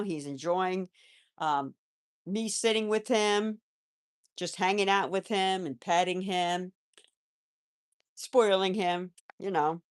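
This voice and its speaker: A woman hosting a live stream about her pet rabbits, chatting casually and talking softly to the animals. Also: medium pitch. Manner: chatty, rambling, with restarts; soft baby-talk to pets, often away from the mic. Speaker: pet channel host.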